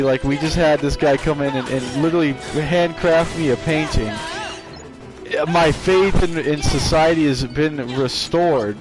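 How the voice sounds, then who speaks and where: A man on a livestream tells a rambling, casual story from his job, frequently starting his sentences over. His voice is fairly high and a little slow, with video game music playing in the background.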